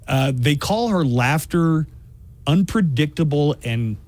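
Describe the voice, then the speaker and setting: A man's voice: on the high side, animated, slow, darkish tone. A man hosting a morning radio show from the studio, teasing and joking with his co-hosts. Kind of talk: casual chat.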